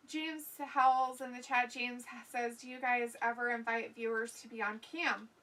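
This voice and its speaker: A woman with a bright, fairly high voice co-hosts a relaxed live stream. She reads viewer comments aloud in a chatty way and laughs often. Her voice sits a little back from the microphone. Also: moderate pace. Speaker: co-host of a wrestling watch-along stream. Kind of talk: casual live-stream chat. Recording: voice somewhat far from the mic.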